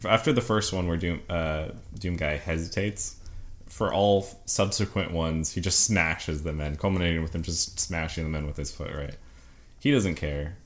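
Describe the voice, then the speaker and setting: A man with a very deep, low-pitched voice chats about games on a podcast. He speaks with eager enthusiasm, laughs often and pads his sentences with ums and uhs. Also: moderate pace. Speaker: podcast co-host. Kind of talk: casual gaming chat.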